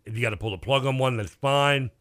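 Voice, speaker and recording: A man co-hosting a sports talk radio show, emphatic and quick to laugh. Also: medium pitch, a bit bright, no echo, clean studio sound. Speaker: radio co-host and producer. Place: radio studio. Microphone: studio microphone.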